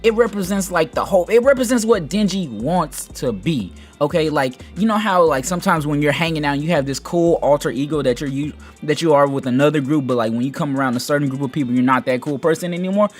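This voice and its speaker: A man giving casual anime commentary, rambling and animated, with lots of fillers. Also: fairly high pitch, fast, few pauses, soft background music. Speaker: anime video host.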